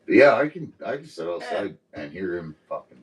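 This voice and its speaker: A man's voice: sits low, big pitch swings, a little fast, far from the mic, rough recording. A man co-hosting a podcast in casual chat, laid-back, with short replies and casual swearing. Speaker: podcast co-host.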